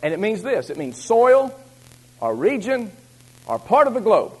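Husky, high-voiced male preacher. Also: sing-song, a little slow, rough recording. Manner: swings from loud exhortation to low confiding asides. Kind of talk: sermon.

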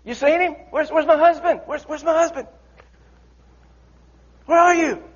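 A man's voice: very high-pitched, fairly even intonation, unhurried, voice pushed up. A man preacher voicing a frantic young wife searching for her missing husband, pleading and asking over and over. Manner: pleading, repeating questions. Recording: dull lo-fi recording.

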